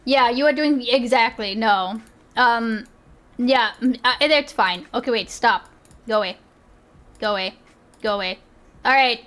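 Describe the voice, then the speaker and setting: Giggly high-voiced woman streamer. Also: a little slow, pauses often, fairly bright tone. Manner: giggly, rambling and profane. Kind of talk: casual stream reaction commentary.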